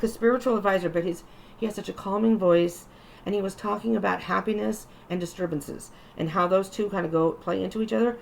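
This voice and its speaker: A woman's voice: medium pitch, creaky, a little hiss or hum. A woman giving a casual, chatty tarot reading, talking reassuringly and often restarting her sentences, and sounding a little tired. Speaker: tarot reader.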